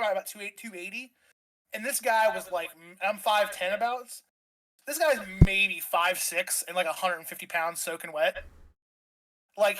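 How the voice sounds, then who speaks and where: A man's voice: high-pitched, sharp tone, poor audio. A man in his thirties, a streamer guest, telling a rambling story full of fillers and swearing. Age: 30s. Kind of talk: casual storytelling.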